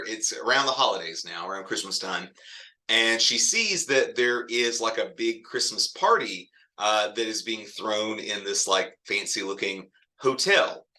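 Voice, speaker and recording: Male lit teacher, casual and rambling, very bright tone. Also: on the low side. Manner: chatty, digressive, laughs often. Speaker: literature teacher. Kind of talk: casual classroom lecture.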